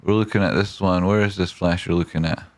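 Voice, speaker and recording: A man hosting a live trading stream, reading viewer messages aloud with excitable swearing and silly wordplay. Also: deep voice, quick pace. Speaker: trading livestream host.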